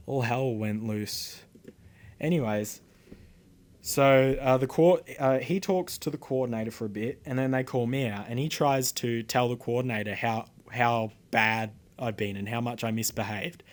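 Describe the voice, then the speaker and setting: A teenage boy with an Australian accent, telling a rambling, indignant story to camera with many fillers and swearing. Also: medium pitch. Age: teens. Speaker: vlogger.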